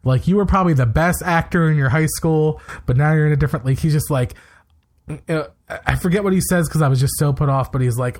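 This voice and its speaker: A man co-hosting a podcast, retelling events in a brisk, opinionated, casual way with quick asides. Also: on the high side. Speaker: podcast co-host. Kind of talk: casual recap chat.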